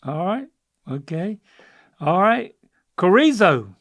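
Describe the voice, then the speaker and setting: A man's voice: high voice, very animated, slow, fairly bright tone, no echo. An older man, co-hosting a casual chat and stumbling hesitantly over unfamiliar words. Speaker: podcast co-host, the father.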